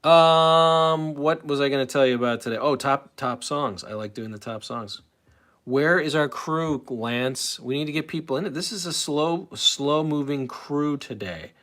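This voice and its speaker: A man's voice: fairly high pitch, measured pace, fairly bright tone. A man in his forties hosting a live stream in a casual, rambling way, often breaking off and starting again with fillers. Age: 40s. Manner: rambling, self-interrupting, many fillers.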